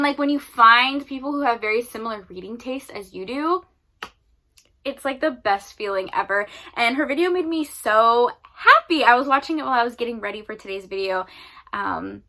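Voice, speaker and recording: Bright-voiced young woman chatting casually. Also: fairly high pitch. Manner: rambling, filler-heavy, 'like' often; emotional, near tears at times. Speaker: book vlogger. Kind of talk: casual vlog chat.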